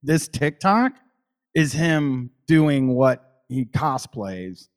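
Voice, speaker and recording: A man's voice: mid-range voice, lively intonation, extremely slow. A man co-hosting a casual livestream talk show, speaking bluntly and swearing freely. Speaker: podcast co-host.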